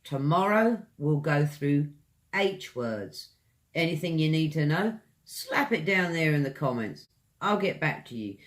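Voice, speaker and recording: With a fairly bright, higher-pitched voice and big swings in intonation, a British man leads an online English pronunciation lesson. Each word gets a slow, drawn-out treatment, and he chats with viewers between examples.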